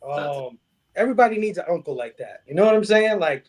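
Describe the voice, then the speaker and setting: A man's voice: high voice, lively intonation, a little fast, a little mellow. A man co-hosting a movie review podcast, talking casually, swearing freely and restarting his sentences. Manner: swears freely, many restarts, laughs often. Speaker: podcast co-host.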